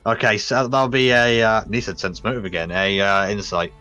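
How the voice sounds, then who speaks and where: A man running a tabletop game as dungeon master, relaxed and wry. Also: fairly low pitch, normal speed, lo-fi sound, faint music behind. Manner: relaxed, wry, restarts phrases.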